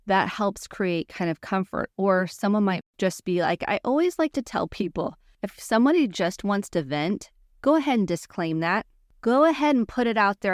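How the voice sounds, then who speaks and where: A woman's voice: fairly low pitch, animated, normal speed, dry recording. Woman therapist coaching on her podcast, earnest, acts out example lines, dry close mic. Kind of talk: teaching podcast monologue.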